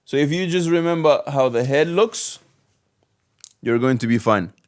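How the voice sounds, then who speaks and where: A man's voice: mid-range voice, moderate pace. A man teaching the alphabet step by step, patiently repeating each letter sound. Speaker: Arabic teacher. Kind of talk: slow step-by-step lesson.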